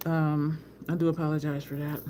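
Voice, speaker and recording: This woman speaks in a deep, dark voice with flat delivery at a moderate pace. She's a livestream host at home by an open balcony window, rambling through stories, responding to comments, addressing chat as "y'all" and laughing often while faint traffic hums outside.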